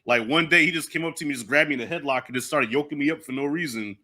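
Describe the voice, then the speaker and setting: Bright, animated man telling stories. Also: on the high side, very fast. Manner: animated storyteller who acts out quoted voices. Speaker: host. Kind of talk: casual podcast chat.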